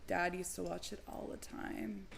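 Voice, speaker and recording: A woman's voice: fairly low pitch, flat delivery, unhurried, gravelly, slight background noise. A woman co-hosting a live movie chat show, talking in a loose, rambling way full of fillers. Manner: rambling, filler-heavy, easygoing. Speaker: podcast co-host. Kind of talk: casual chat.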